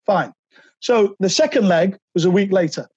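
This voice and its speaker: A man, a podcast guest telling animated anecdotes and slipping into quoted voices. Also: high-pitched, moderate pace, slightly rough, dry recording, lo-fi sound. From England. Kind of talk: anecdotal interview storytelling.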